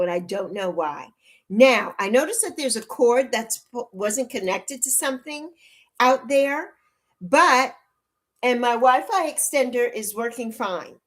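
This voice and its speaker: A woman in her sixties hosting a casual livestream, flustered and pleading for help while greeting viewers by name. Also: on the high side. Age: 60s. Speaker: livestream host. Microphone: laptop mic.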